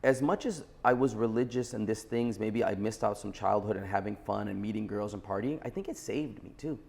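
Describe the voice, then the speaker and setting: A man's voice: fairly low pitch, a little fast, creaky, a little mellow. A man in his forties, a guest on a podcast interview, giving blunt and emphatic opinions. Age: 40s. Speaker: entrepreneur guest.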